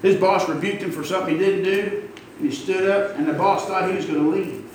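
Heard from a distance in a noisy, echoing church sanctuary, a middle-aged pastor preaches with a high-pitched voice, steady tone and slightly fast delivery. His sermon is folksy and emphatic, prompting call-and-response from the congregation.

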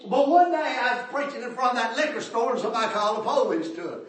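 An older man, preaching a folksy testimony sermon in a church, storytelling that rises to shouts. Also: very high-pitched, lively intonation, quick pace. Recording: echoey hall, far from mic.

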